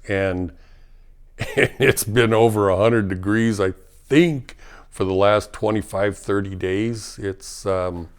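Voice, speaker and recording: A man's voice: on the low side, smooth. A middle-aged man talking casually and frankly about spiritual life, rambling with many fillers and restarts. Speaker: spiritual talk host and former firefighter.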